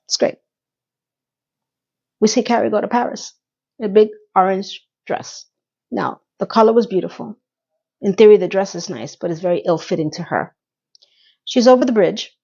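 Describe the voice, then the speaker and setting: A woman recapping a TV episode in a casual chat, talking in a lively way with quick asides and questions to her viewers. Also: mid-range voice, gravelly, slightly rough, highs cut off. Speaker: TV recap reviewer.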